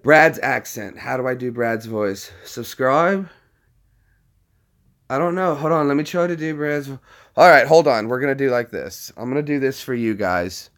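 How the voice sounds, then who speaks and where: A man in a casual vlog chats to his camera at an ordinary, middling pitch. He rambles, restarts and chuckles as he thinks aloud while browsing. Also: normal speed, fairly bright tone. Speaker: vlogger.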